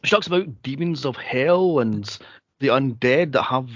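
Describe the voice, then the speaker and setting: A Scottish man, a podcast co-host, telling a spooky story in casual chat, animated and swearing freely. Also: medium pitch, normal speed, dry recording, muffled recording. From Scotland.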